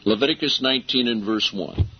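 A husky-voiced man preaches a sermon, reading scripture aloud in an emphatic way. He slows right down to drive home key phrases. The recording is dull and lo-fi. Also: mid-range voice.

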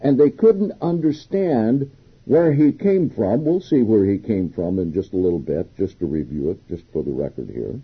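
Reading verses aloud and then explaining them, a preacher rises emphatically whenever he quotes scripture in this Bible exposition sermon. His voice is very husky and fairly low, with lively intonation at a moderate pace, and the highs are cut off in the audio.

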